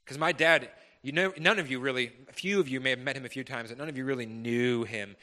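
Speaking quickly in a mid-range voice, a man shares his personal testimony with a congregation, impassioned and earnest, alternating between loud, fervent passages and quiet ones.

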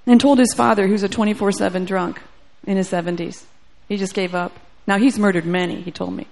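Gravelly-voiced woman preaching a testimony. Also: mid-range voice, fairly even intonation, a little fast, darkish tone. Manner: storytelling, acts out dialogue, grows fervent. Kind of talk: sermon testimony.

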